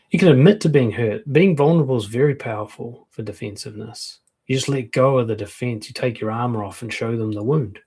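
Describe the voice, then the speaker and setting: A man talks through relationship advice in a relaxed, frank coaching manner, slipping into short acted-out comebacks. His voice sits on the low side and has a husky, slightly rough edge. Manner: frank, conversational, acts out quoted comebacks. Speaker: dating and confidence coach. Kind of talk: casual advice talk to camera.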